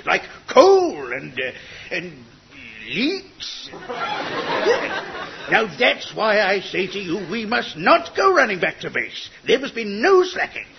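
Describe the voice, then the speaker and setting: An actor playing a blustering, suspicious army major in a comedy sketch, barking orders in a bombastic way. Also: male voice, sits high, huge pitch swings, slow, creaky, a crowd in the background, noisy background, full character voice. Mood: rousing. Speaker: army major commanding an isolated gun site. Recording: dull lo-fi old recording.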